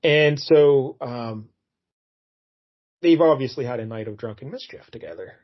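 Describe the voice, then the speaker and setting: A man's voice: mid-range voice, a little slow. Rambling man reviewing comics, lo-fi sound. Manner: relaxed, rambling, acts out comic dialogue. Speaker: podcast co-host. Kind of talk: casual comic book review chat. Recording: dull lo-fi podcast audio.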